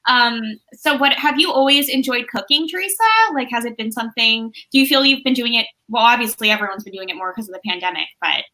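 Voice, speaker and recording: Bright-toned agreeable woman host. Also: a little high, quick pace, few pauses, low-quality recording. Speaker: talk show host. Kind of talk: casual chat on a live-streamed talk show.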